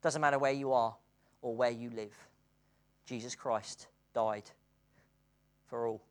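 The sermon comes from a British preacher whose mid-range voice moves a little slowly. He is earnest throughout, alternating quiet and excited passages and laughing between points.

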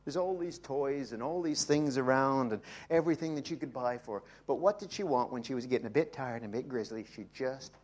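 A man's voice: medium pitch, brisk, few pauses. Older Englishman preaching with rising fervor. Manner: animated preaching, swinging from quiet asides to loud emphatic peaks. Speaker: pastor. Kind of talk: sermon.

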